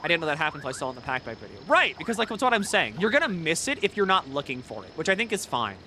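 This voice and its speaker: Excitable high-voiced male streamer. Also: very fast, slight background noise. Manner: rambling, excitable, swears freely. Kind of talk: casual gaming-stream chat.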